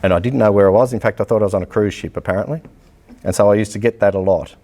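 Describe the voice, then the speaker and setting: Man, Australian accent, middle-aged, athletics coach, lecture, blunt storytelling, lowish pitch, mellow tone. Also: rapid-fire. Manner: blunt, animated storytelling with acted-out dialogue and laughter. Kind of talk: public lecture, personal story.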